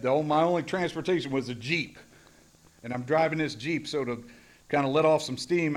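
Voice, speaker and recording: Middle-aged man, higher pitch, blunt, profane, rambling, recovery share. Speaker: recovery meeting speaker.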